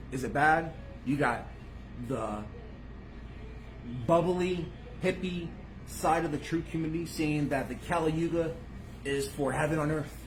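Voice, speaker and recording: A man hosting his own channel, talking casually to viewers in street slang. He swears freely and swings between low mutters and loud bursts. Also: background noise. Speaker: channel host.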